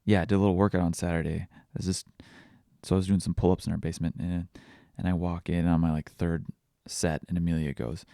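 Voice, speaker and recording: A man's voice: low-pitched, flat delivery, fast talker, vocal fry, warm tone, no room sound, studio quality. A young man hosting a podcast, telling candid, self-deprecating stories in a confessional, casual way. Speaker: podcast host. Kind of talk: casual personal podcast talk.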